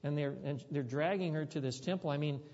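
A man's voice: fairly high pitch, fairly quick, darkish tone, long reverb tail, lo-fi sound. A man preaching a sermon, telling a story in a conversational way that rises to emphatic peaks.

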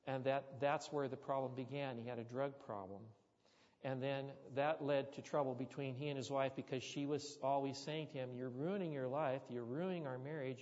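A male pastor with a mid-range voice preaches a sermon, telling a story animatedly with sudden loud bursts. The recording is muffled and echoey, made in a church hall.

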